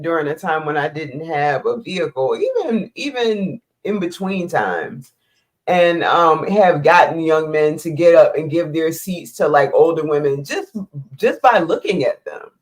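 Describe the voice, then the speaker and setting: A man in casual chat who talks with some hesitation and fillers. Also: on the high side.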